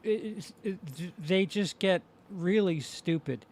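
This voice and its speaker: Male co-host, slightly high voice, rambling with restarts, casual and profane. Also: darkish tone. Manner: rambling, halting restarts, swearing. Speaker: podcast co-host. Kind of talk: casual chat.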